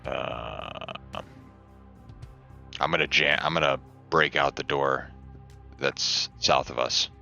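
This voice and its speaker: Man, tabletop player, very deep voice, bright tone, lo-fi mic. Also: steady tone, slow pace, vocal fry, pauses often, faint music behind. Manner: casual, decisive in-character plans. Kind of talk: playing a tabletop game. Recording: dull lo-fi mic.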